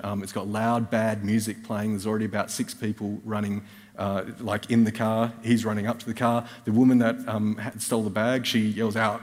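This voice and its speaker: A man's voice: on the low side, a little mellow. A man with an Australian accent preaching a sermon as a guest speaker, telling a personal story with wry, self-mocking asides. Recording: reverberant church hall.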